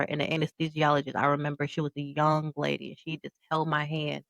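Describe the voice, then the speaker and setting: A woman's voice: low-pitched, little pitch movement, fairly quick, vocal fry, few pauses, a bit bright, no room sound, poor audio. A woman in her thirties co-hosting a podcast, recounting a personal story with candid emotion. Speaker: podcast co-host. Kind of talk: casual podcast conversation.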